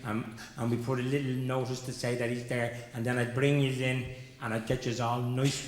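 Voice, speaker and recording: An Irish comedian voicing a gentle, reassuring father talking softly to his little son. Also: mid-range voice, level tone, brisk, pitched below the performer's own voice, lightly acted. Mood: soothing. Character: patient soothing dad explaining to his son. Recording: echoey hall with background noise.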